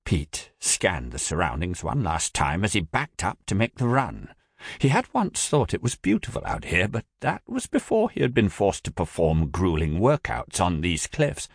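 A man narrating an audiobook in an expressive, steady storytelling manner. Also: low voice, creaky, slightly rough, dry recording, studio quality.

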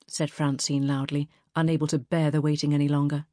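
Low-voiced woman reading an audiobook. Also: flat delivery, fairly quick, hardly any pauses, warm tone, no echo, studio quality. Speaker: narrator. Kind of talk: audiobook narration.

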